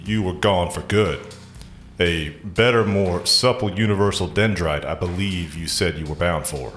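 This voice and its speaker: A man voicing a defiant male agent handler who talks in a low, gruff, contemptuous way. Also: normal speed, a bit bright. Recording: roomy recording with faint music.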